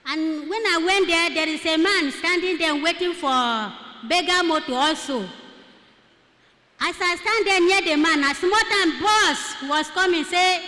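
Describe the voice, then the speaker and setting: A woman's voice: very high voice, unhurried, pushed and bright. A Nigerian woman giving a testimony in church, telling her story with Pidgin phrases mixed in. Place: church hall. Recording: echoey church hall.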